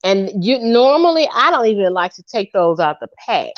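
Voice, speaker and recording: A woman in her fifties telling a funny story in casual chat, animated and laughing as she acts out what people said. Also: mid-range voice, moderate pace, no echo, highs cut off. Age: 50s.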